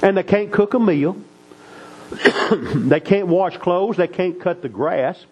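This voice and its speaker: A man's voice: sits high, expressive, slow pace, slightly rough, poor audio. A middle-aged man preaching, telling family stories in a folksy, earnest way. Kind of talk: sermon storytelling.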